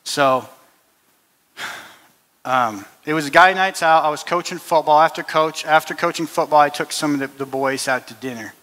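A man's voice: fairly high pitch, moderate pace, bright, forceful tone. A man preaching a sermon and telling a personal story, earnest, with frequent restarts and repetitions. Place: church hall. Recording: long hall reverb.

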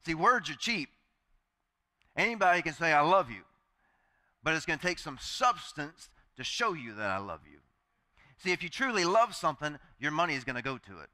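A man's voice: on the high side, big pitch swings, brisk, pushed and bright. A male pastor preaching a sermon in a chatty, joking way, acting out the voices he quotes.

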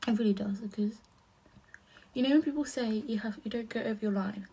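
A young woman vlogging casually as she does her makeup, talking softly and often half-whispering in a chatty way. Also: fairly high pitch, a little fast, slightly rough. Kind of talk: casual chat while doing makeup.

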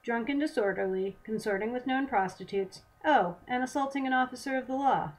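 A bald, nervous henchman who recites in a flat, listing way, as a woman reading her novel puts him on. It sounds like a storybook read aloud. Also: fairly high pitch, a little fast, pitched above the performer's own voice, natural voice, poor audio.

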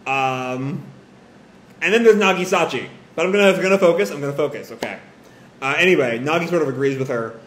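A man hosting a live manga reading reaction, talking casually, animated and exasperated, swearing often. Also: fairly high pitch, fairly quick. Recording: echoey room, faint hiss.

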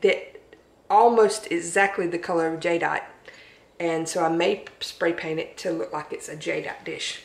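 A Southern woman chats in a relaxed, homey way, her voice sitting on the lower side. She talks casually to her viewers about her finds. The room around her rings with echo. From Southern United States. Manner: chatty, homey, laughs at herself. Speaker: thrift haul vlogger. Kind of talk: casual show-and-tell chat. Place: home dining room.

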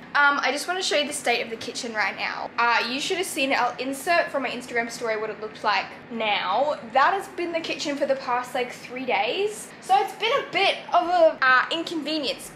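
A woman's voice: sits high, bright, forceful tone, slight background noise. A young Australian woman in her twenties vlogging casually at home, rambling with lots of filler words. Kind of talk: casual vlog chat. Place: at home indoors.

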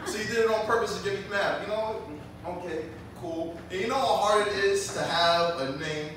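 A man's voice: fairly high pitch, very echoey, far from the mic, background noise. A man in his twenties from Jamaica doing a stand-up comedy set, telling stories in a loose, chatty way with lots of fillers. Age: 20s. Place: comedy club stage.

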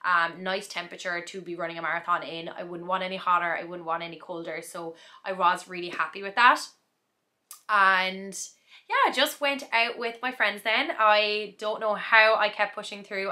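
Bright-voiced chatty young woman vlogger. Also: medium pitch, fairly even intonation, moderate pace. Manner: chatty, reflective, laughs often. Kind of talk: casual vlog recap.

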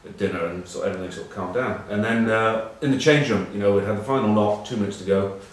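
This former rugby captain from England, now in his forties, fronts a web news piece in a fairly low, evenly pitched voice and talks quickly. His casual anecdotes wander, peppered with ums, uhs and wry jokes at his own expense, while the distant mic picks up heavy room echo and a faint background hum.

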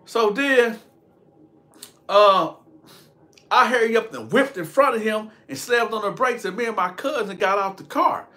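A man's voice: sits high, unhurried, long pauses, sharp tone. A young man telling a rambling, slangy prison and street story to his viewers, often laughing at himself. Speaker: storytelling vlogger. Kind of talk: casual storytime monologue.

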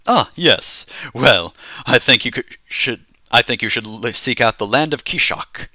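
A man's voice: medium pitch, unhurried, sharp tone, dry recording, clean studio sound. A man voicing a flustered, hesitant male lord in a text adventure game, stammering as he talks.

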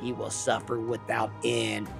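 A man growling as a gravelly slow demon. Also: on the low side, completely flat delivery, music in the background. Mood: menacing. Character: growling demon hungry for a vessel.

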